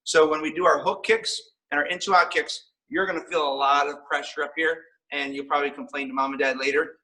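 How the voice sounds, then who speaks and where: A man's voice: on the high side, fairly even intonation, a little fast, pushed and bright, recorded from a distance, poor audio. A man teaching a martial arts class on video, upbeat and coaching as he counts out the kicks.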